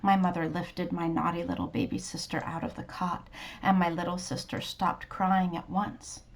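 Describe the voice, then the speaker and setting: A woman reading a children's storybook aloud in a soft, gentle, sometimes whispery manner. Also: lowish voice, level tone, normal speed.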